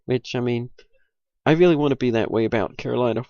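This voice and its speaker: A man's voice: mid-range voice, fast talker, a little mellow, no echo. Rambling man on dull lo-fi audio. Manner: rambling, self-mocking, jumps into mock-indignant rants. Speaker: video host giving sports picks. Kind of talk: casual rambling monologue. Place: at home at a computer.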